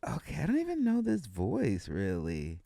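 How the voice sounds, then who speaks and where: A man guesting on a podcast, soft-spoken and laid-back in casual chat. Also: mid-range voice, huge pitch swings, moderate pace, creaky, no room sound, studio quality.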